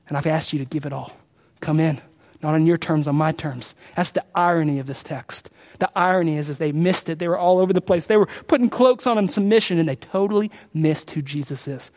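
High-voiced pastor preaching in a reverberant hall. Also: male voice. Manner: impassioned preaching, swinging between loud peaks and quiet pleas. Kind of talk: sermon. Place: large church sanctuary.

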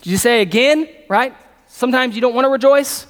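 In a large hall with long reverb, a pastor with a very high voice preaches a sermon at a slightly fast clip. He repeats phrases, builds emphasis, and poses questions to the congregation.

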